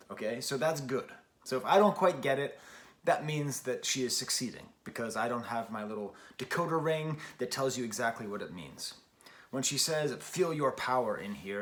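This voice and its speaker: In a rambling, self-mocking album review, this man in his forties keeps restarting what he's saying. The voice is medium in pitch and a bit bright.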